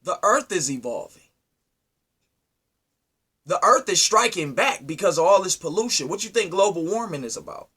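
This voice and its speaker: A man delivering an impassioned, preachy monologue, firing rhetorical questions at his listeners and swinging from loud to low. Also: big pitch swings, normal speed, long pauses, husky. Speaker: speaker addressing his community.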